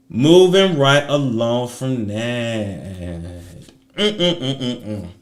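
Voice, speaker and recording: A man's voice: medium pitch, sing-song, drawn-out words. Sassy mocking man with a drawl. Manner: sassy and mocking, swings between loud jabs and muttering. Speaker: celebrity gossip host. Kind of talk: casual commentary monologue.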